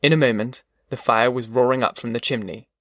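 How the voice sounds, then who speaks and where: A man reading a novel aloud in measured, descriptive narration. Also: mid-range voice, fairly bright tone, dry recording, studio quality. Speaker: audiobook narrator. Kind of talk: scripted narration.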